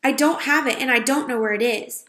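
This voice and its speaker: A woman's voice: high voice, a little fast, fairly bright tone, pitched above the performer's own voice. A woman doing a doubtful young boy. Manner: incredulous, hesitant. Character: curious young boy, doubtful then tempted. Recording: roomy echo.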